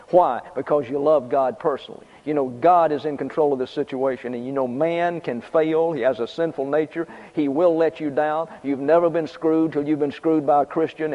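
A man preaches in a plain, conversational way, stating points twice and dropping in offhand asides. His voice sits slightly high for a man. The recording is dull and lo-fi, with a long reverb tail from a large hall. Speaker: pastor. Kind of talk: sermon.

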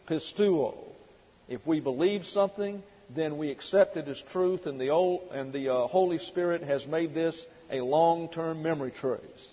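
Middle-aged pastor guy preaching, kinda husky and a bit high, lo-fi sound in a big echoey hall. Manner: emphatic preaching, dwelling slowly on key words. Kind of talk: sermon. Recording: dull lo-fi recording in a reverberant hall.

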